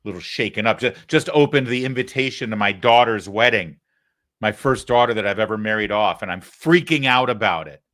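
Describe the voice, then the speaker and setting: A man's voice: fairly low pitch, fairly quick. Punchy middle-aged male talk host. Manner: energetic and emphatic, swinging from punchy to muttered asides. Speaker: show host. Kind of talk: live political talk show monologue.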